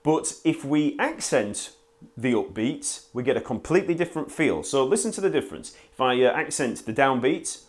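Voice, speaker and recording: A man gives an online bass lesson in a friendly, explanatory way. His pitch moves around a lot as he talks. He counts beats aloud to show the rhythm. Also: big pitch swings, normal speed. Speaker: bass teacher.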